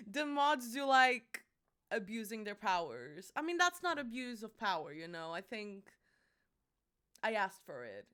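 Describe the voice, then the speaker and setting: A woman's voice: mid-range voice, very animated, a little slow, pushed and bright, clean tone. A young woman streaming a game and chatting casually with her viewers, playful and teasing, swearing freely into her streaming microphone.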